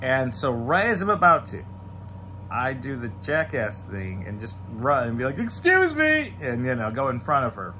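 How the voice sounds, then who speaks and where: A young man doing a rambling, crude stand-up bit, halting with fillers and restarts and breaking into loud exclamations. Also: medium pitch, lively intonation, a little hiss or hum. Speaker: stand-up comedian.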